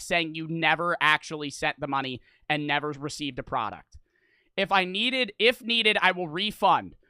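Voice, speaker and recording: A young man streaming live, ranting to his chat in heated, profane bursts and sometimes yelling. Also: high-pitched, clean tone, no echo. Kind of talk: ranting livestream talk to chat.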